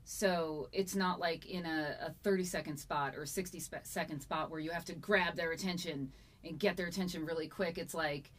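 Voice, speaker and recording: A woman's voice: deep voice, steady tone, normal speed. A woman interviewing an audiobook narrator, friendly and encouraging as she asks follow-up questions. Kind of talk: conversational interview.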